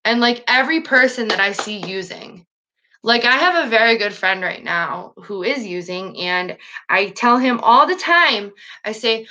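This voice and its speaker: A woman's voice: a little high, expressive, measured pace, pushed and bright. A woman live-streaming an emotional monologue, upset and sad, swearing, trailing off and restarting her sentences. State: sad and agitated.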